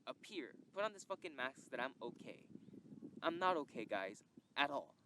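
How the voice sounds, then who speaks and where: A young podcast host with a sing-song, mid-range voice at a moderate pace tells a candid, emotional personal story, rambling and swearing as he reflects. Background noise can be heard.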